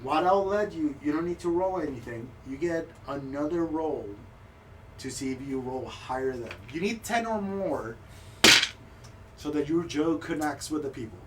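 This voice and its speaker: A man narrating as game master, telling the scene in an animated, profane way. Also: a little high, normal speed. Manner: animated, profane storytelling with frequent laughter. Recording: distant mic with background noise.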